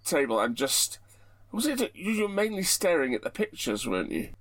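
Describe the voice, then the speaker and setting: A middle-aged man, chatting in a measured, gently wry way as a co-host. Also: fairly high pitch, very animated, no room sound. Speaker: podcast co-host. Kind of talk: casual chat.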